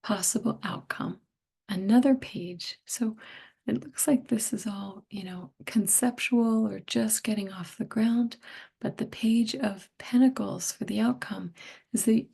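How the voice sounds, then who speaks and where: A middle-aged woman talks through a tarot reading, her voice hoarse and fading, with many words coming out as a breathy near-whisper. She speaks slowly and gently, musing as she goes. Her tone is low and mellow, with a gravelly fry at the ends of phrases. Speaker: tarot reader.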